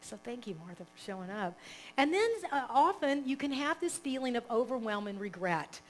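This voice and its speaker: A woman minister preaching a live sermon in an animated, conversational way, rambling and restarting as she talks. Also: on the high side, brisk, rough recording. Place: church service, live.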